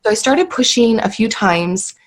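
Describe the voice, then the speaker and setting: A woman's voice: fairly high pitch, animated, normal speed. A woman in her thirties, a podcast guest telling her own story in an earnest, heartfelt way with many fillers. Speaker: guest sharing birth story.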